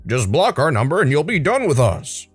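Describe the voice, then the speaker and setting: A man's voice: fairly high pitch, big pitch swings, normal speed, breathy edge, no echo, faint music behind. A man playing an evasive call-center supervisor. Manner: evasive, stock polite replies.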